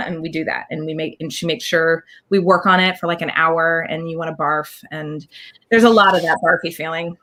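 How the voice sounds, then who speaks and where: A woman guest talking in an animated, casual interview, scatting rhythms and acting out what others said. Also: sits low, normal speed. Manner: animated, scats dance counts, acts out quotes. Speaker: guest performer.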